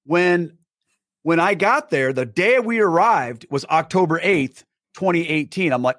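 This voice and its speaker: A man telling a personal story as a podcast guest, animated, acting out the dialogue. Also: on the high side, a little slow, no room sound, studio quality. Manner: many fillers and restarts.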